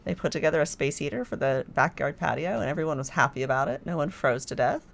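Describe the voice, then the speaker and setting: A woman's voice: low voice, fast, gravelly. A woman guest on a podcast, talking in a chatty, enthusiastic way with many fillers. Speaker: podcast guest, filmmaker staff. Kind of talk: casual chat.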